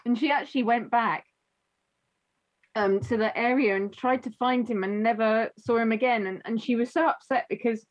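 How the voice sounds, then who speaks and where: A woman hosting a podcast, telling a story in a halting way with many restarts. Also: on the high side, highs cut off. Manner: halting, many restarts, moved close to tears. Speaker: podcast host. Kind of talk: emotional storytelling in conversation.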